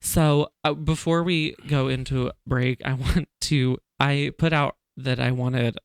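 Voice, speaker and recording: A man hosting a casual chat podcast, telling stories in an animated way and laughing often. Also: mid-range voice, slow pace, clean tone, dry recording. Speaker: podcast host.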